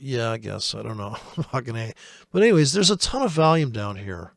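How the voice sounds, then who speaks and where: A man's voice: mid-range voice, very animated, brisk, vocal fry, no echo, studio quality. A man from the United States giving rambling, profane, sarcastic commentary on the markets as host of a trading channel.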